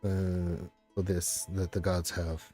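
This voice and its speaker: A man's voice: low-pitched, flat delivery, slow, mellow, soft background music. A man acting as dungeon master, explaining the rules at length with many ums and uhs. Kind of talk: narrating a tabletop game.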